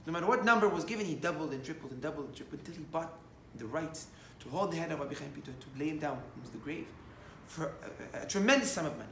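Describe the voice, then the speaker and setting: Animated preaching man in an echoey room. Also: fairly high pitch, fast talker, few pauses, slight background noise. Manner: animated, rising to loud emphatic bursts, many restarts. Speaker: rabbi. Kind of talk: sermon with storytelling.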